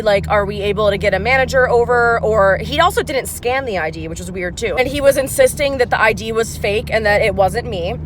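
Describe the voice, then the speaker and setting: A woman in her twenties, chatty and animated, telling a story as a gig-worker vlogger while in her car. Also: medium pitch, a little hiss or hum. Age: 20s. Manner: chatty, animated, many fillers. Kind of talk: casual storytime vlog.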